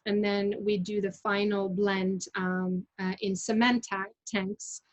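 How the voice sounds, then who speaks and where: A woman's voice: mid-range voice, level tone, takes it slowly, rough recording. A woman in the middle of her range guides a wine tasting over a video call. She talks in a loose, chatty way, full of fillers and small restarts as she explains. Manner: chatty, many fillers and self-corrections. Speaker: winery representative leading a tasting. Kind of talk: casual presentation on a video call.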